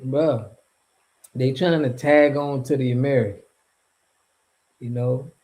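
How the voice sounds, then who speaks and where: A man's voice: mid-range voice, fairly even intonation, slow pace, warm tone, low-quality recording. A man hosting a casual livestream, talking back to his chat in a loose, slangy, rambling way with frequent laughs. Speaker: streamer and channel host.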